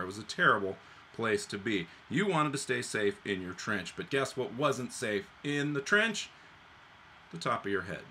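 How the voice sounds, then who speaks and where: A man explaining history while he draws, in an animated and playful way, with sudden jumps in pitch and sound effects. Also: slight background noise. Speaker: author and illustrator explaining history. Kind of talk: illustrated history talk while drawing.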